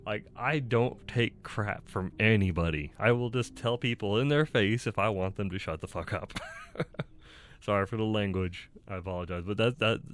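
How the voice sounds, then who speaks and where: Man, low-pitched, casual vlogger, blunt and rambling, chuckles a lot. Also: slight background noise. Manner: candid, rambling, laughs often at himself. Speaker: YouTuber taking an online personality test. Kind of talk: casual self-recorded talk, reading questions aloud and answering.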